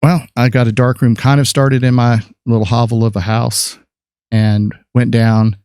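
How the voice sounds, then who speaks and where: A man's voice: medium pitch, level tone, normal speed, darkish tone, smooth, no room sound, studio quality. A man in his fifties, a podcast guest and photographer, telling rambling stories about his life in a casual chat, with many fillers and restarts.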